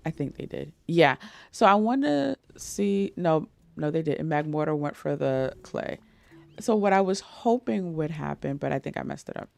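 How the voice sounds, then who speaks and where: Low, gravelly-voiced woman streamer. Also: darkish tone. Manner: chatty, laughs often, greets chat. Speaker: game streamer. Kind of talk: casual live-stream chat.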